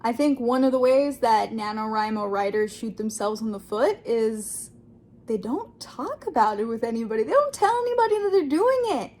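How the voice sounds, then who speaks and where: A woman's voice: fairly high pitch, a little mellow. A young woman vlogging about writing in a bubbly, chatty way, acting out little quoted exchanges. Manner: bubbly, acts out quoted voices. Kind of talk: casual talk to camera.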